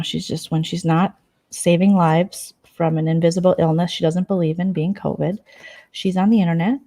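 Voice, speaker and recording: A woman's voice: fairly low pitch, mellow. A woman vlogger in a late-night casual chat, gossiping sarcastically about internet drama and sometimes dropping to a whisper. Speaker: vlogger host. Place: at home at night.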